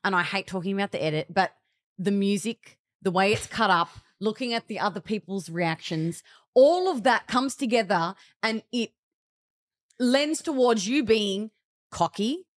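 A woman's voice: mid-range voice, animated, normal speed. A woman co-hosting a podcast, frank and teasing, swearing freely in casual chat. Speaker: podcast co-host.

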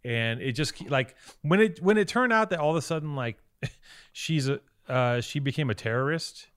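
A man co-hosting a podcast, giving a rambling, profane and excited recap of a movie in casual chat. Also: on the high side, moderate pace, clean tone. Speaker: podcast co-host.

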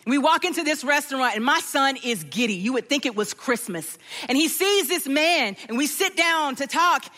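A middle-aged woman preaching a sermon with a personal story, telling it in an animated way and acting out the voices of the people in it. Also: high-pitched, moderate pace. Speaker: pastor.

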